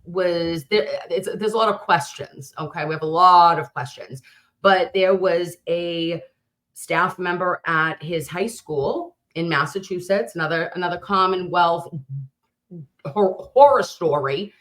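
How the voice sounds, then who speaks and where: A woman with a somewhat low voice talks through true crime cases as an interview guest. She rambles and keeps restarting her sentences mid-thought. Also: measured pace, a bit bright. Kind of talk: conversational interview.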